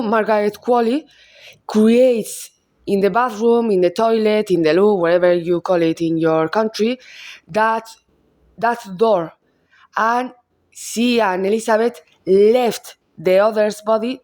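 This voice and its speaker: A woman with a Spanish accent talks through a film analysis at an unhurried, measured pace. She often stops mid-thought, restarts and restates her words as she works out her point. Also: mid-range voice, dark tone. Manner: halting, rephrases and repeats words as she goes. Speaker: film reviewer. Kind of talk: casual film analysis monologue.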